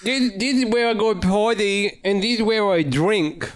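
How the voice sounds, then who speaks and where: Man playing a creepy dog creature, slow drawl, giggly, childlike, improvised VR comedy. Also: sits high. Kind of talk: improvised VR comedy role-play.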